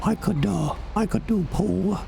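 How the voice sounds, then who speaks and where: A man putting on the voice of a small child who can't say the letter L, sounding congested from a cold and talking haltingly. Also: sits high, creaky, dark tone, slight background noise, pitched above the performer's own voice, exaggerated voice.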